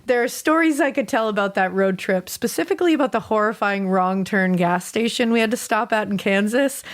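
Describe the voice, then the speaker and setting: Speaking fairly quickly at medium pitch, a female podcast co-host reads out a listener's story and chats in a relaxed way. She laughs a lot and swears casually.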